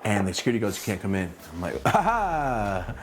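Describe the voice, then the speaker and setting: A man's voice: very fast, noisy background. A young man telling a casual story about running his streetwear brand, slangy and laid-back, acting out his own lines with big jumps in his voice. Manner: animated, acts out his own quotes with big pitch jumps.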